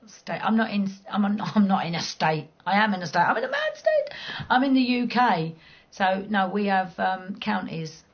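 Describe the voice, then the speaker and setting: Gravelly blunt London woman. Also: medium pitch, moderate pace, highs cut off. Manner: blunt, cheeky, swears freely. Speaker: game streamer chatting with viewers. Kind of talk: casual chat.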